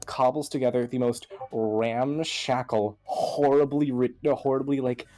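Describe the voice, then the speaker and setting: A man's voice: mid-range voice, steady tone, a little slow, mellow. A man narrating as game master in a tabletop game, casual and profane, with faint music behind.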